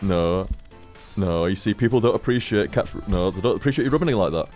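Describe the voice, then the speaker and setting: Over soft background music, a young man streams from a home room into a studio microphone on a desk stand, his voice lowish and darkish with lively intonation and a fast pace. He rambles freely, swears often and talks to his cat.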